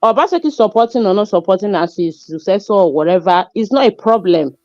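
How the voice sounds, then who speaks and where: A woman's voice: medium pitch, expressive, fairly quick, a little mellow, no echo. A woman, arguing in an online debate, insistent and offended. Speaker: panelist. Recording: muffled call audio.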